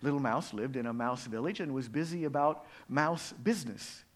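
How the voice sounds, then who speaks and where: Expressive male preacher telling a story. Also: mid-range voice, normal speed. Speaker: pastor. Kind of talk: sermon storytelling.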